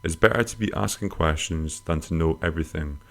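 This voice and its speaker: Low-voiced bloke, comic podcast host, rambling and crude, jumps into squeaky bits for jokes. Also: male voice, brisk, a bit bright. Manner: rambling, crude, self-mocking humor with sudden high-pitched jokey swings. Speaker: podcast host answering listener questions. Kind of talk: casual comic podcast monologue.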